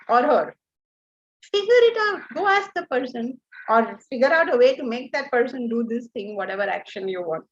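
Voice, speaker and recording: Lively high-voiced woman teaching. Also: lo-fi sound. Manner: lively, asks the class rhetorical questions. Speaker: Vedanta teacher. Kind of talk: class lecture on scripture.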